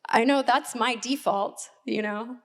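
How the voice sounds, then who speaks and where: Woman pastor, sermon, slow pace, higher pitch, candid and reflective. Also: a bit bright. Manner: candid and personal, with reflective pauses. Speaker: assistant pastor. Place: church hall.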